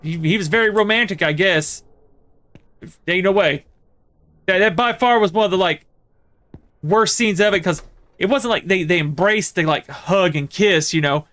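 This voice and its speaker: Rambling man streamer, fairly high voice. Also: moderate pace, long pauses, a bit bright. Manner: rambling storyteller, many fillers and restarts. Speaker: game streamer. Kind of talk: casual chat while playing a horror game.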